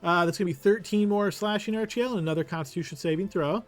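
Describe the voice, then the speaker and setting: Man, high voice, game master, brisk rulings, faint music behind. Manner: brisk, matter-of-fact rulings. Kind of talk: narrating a tabletop game.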